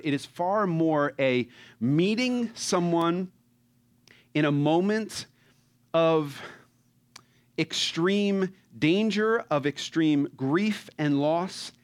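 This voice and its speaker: Animated preacher with a twang. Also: male voice, on the high side. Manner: animated, conversational preaching with rhetorical questions. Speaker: pastor. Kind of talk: sermon.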